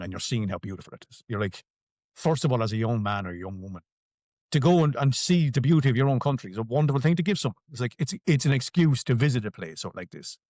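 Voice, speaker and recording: A man's voice: on the low side, darkish tone, dry recording. A man with an Irish accent answering interview questions in an emphatic way, swearing freely and repeating phrases for stress. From Ireland. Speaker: podcast guest.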